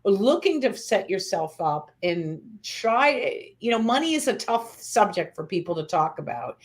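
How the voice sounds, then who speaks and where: A woman hosting a casual interview, asking quick-fire questions and laughing often. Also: medium pitch. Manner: laughs often, upbeat and chatty. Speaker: host.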